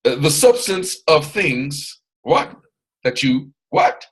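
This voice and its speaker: Boisterous man with a lively, husky voice. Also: a little high, slow, rough recording. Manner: boisterous, preacher-like repetition. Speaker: mentor hosting a training call. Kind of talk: motivational talk on a video call. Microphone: video call.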